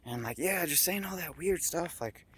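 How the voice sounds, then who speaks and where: A young man telling a rambling story on a street at night, high, swearing and filling every pause with "like" and "uh". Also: animated, fairly bright tone, husky. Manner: rambling, heavy swearing and filler words. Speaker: vlogger. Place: outdoors on a town street at night.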